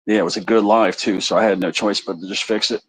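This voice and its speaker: A man's voice: fairly low pitch, steady tone, fast, fairly bright tone, breathy edge, no echo, low-quality recording. Crude rambling man on a live stream. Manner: rambling, crude, talks straight to the chat. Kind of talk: casual live-stream chat.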